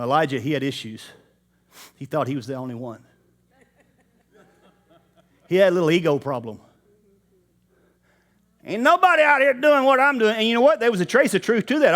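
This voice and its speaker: Preaching a sermon, this man talks informally and directly to his congregation. His voice is a little high and a bit bright.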